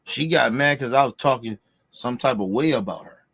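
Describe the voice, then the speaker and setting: A man's voice: medium pitch, normal speed, gravelly, a bit bright, slight background noise. A man hosting a podcast, ranting in a heated, profane way and repeating himself for emphasis. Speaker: podcast host. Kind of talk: casual ranting commentary.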